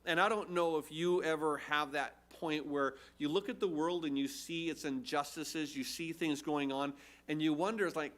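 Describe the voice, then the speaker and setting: A man's voice: a little high, steady tone, moderate pace, a bit bright. A man preaching a sermon as a pastor, teaching earnestly and emphatically through scripture with rhetorical questions. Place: church.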